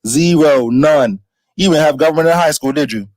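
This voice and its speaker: A man's voice: fairly high pitch, fairly quick, darkish tone, no room sound, rough recording. A man arguing heatedly on a panel, insulting and combative, repeating his points. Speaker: panel debater. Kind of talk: heated argument.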